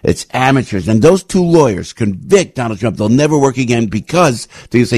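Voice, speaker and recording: An older man hosting a radio talk show, telling anecdotes in an emphatic, repetitive, rambling way with sudden swings in pitch. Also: animated, normal speed, hardly any pauses, a little mellow, no echo, studio quality. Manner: emphatic, repetitive, restarts often. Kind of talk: rambling opinion monologue with anecdotes.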